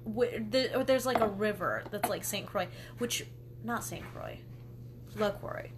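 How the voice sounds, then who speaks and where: A woman's voice: mid-range voice, measured pace, background noise. A young woman chatting casually as a podcast co-host, ranting emphatically about pronunciation and laughing often. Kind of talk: casual chat.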